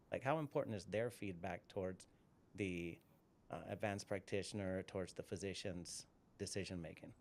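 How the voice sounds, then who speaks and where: Middle-aged male host, low voice, loose rambling storyteller with lots of restarts. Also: a little mellow. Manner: rambling, repeats words, storytelling. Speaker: podcast host. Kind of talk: casual live interview chat.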